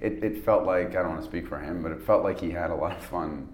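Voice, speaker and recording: Deep-voiced man rambling in an echoey room. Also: a little hiss or hum. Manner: rambling, halting storyteller with many restarts. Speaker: actor guest. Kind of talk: casual interview chat.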